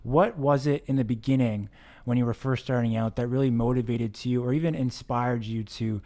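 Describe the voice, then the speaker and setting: A man hosting an interview show, relaxed and conversational, who talks around his questions before asking them. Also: medium pitch, fairly quick. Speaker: podcast host. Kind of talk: casual interview.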